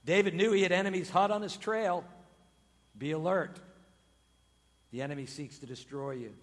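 A man preaching a sermon as pastor, telling the story with animated swings from loud exclamations to hushed, slow emphasis. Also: a little high, big-room sound.

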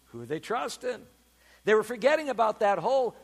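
A man preaching a sermon as pastor, emphatic and animated, with dramatic pauses. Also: high voice, vocal fry, slightly rough, big-room sound.

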